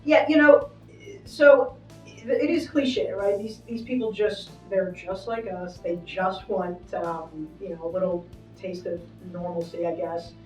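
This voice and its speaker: A woman's voice: lowish voice, a little slow. Middle-aged woman, chatty and upbeat, lots of ums, kinda far off the mic, faint music behind. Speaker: arena manager giving a backstage tour. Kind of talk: casual walking interview. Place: backstage in a large indoor arena. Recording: echoey, from a distance, faint music.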